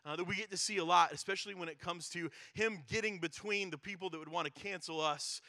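A man's voice: sits high, fast talker, pushed and bright, no room sound, studio quality. A man preaching a sermon in a conversational, chatty way, with plenty of filler words. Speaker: pastor.

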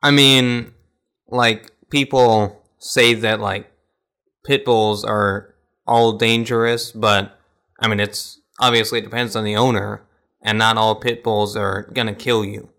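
A man with a fairly low, flat voice and a bright, tense edge gives his view in a casual podcast chat. He speaks hesitantly and plainly. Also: a little slow.

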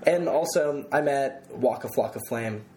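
A young man hosting a podcast, telling stories in an excitable, casual way and swearing freely. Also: mid-range voice, a little slow. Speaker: podcast host.

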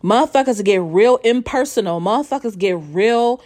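A woman's voice: on the high side, expressive, normal speed, a little mellow. A young woman hosting a solo podcast from the bed of her apartment, talking candidly, swearing freely and laughing often. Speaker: podcast host. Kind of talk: casual solo podcast monologue. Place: apartment bedroom, working from home.

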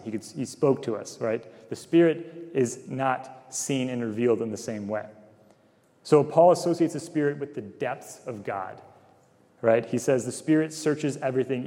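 A man's voice: mid-range voice, warm tone. A man giving a casual, conversational sermon to college students, full of fillers and questions to the crowd. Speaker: campus minister. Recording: long hall reverb.

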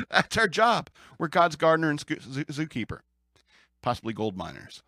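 A man's voice: a little high, sing-song, slow pace, pauses often, pushed and bright, no room sound, clean studio sound. A man with an American accent, chatting casually about the news as a podcast host, rambling and joking, often laughing and restarting his sentences.

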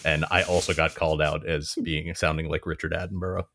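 Very deep-voiced man chatting. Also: flat delivery, brisk, fairly bright tone, no room sound. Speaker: podcast co-host; manager at work. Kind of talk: casual chat.

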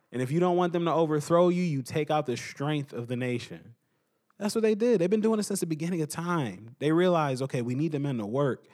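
A young man hosting a podcast, giving an animated casual opinion monologue and repeating his points for emphasis. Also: fairly high pitch, normal speed. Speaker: podcast host.

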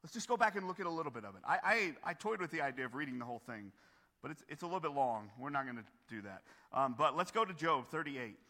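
Pastor, man, fairly high and bright; earnest sermon delivery, punchy emphasis; hall reverb. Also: very animated, fast. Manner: earnest, rising to forceful emphasis.

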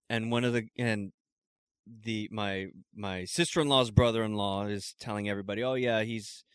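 A man from California in casual podcast chat, telling a story in a relaxed, laughing way. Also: lowish voice, normal speed, smooth, no echo, studio quality. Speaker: podcast co-host.

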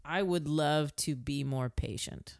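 Very low-voiced laid-back woman, dry sound. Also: slow, creaky, a little mellow, no echo. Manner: frank, laid-back, swears casually. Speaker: podcast co-host. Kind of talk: casual chat.

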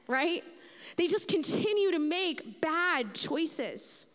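Woman pastor, sermon, high voice, animated storytelling, long hall reverb. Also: slow pace. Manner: animated storytelling, acts out the Bible figures.

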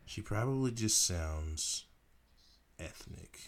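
A man's voice: lowish voice, lively intonation, takes it slowly. A man co-hosting a casual podcast, joking and bantering playfully. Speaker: podcast co-host. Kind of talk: casual chat.

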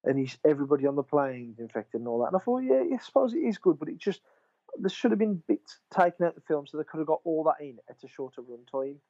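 A man's voice: fairly high pitch, expressive, fast talker, warm tone, lo-fi sound. A man, casually chatting as a podcast co-host, rambling through stories, swearing freely and retelling what he said to his mate. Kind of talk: casual chat.

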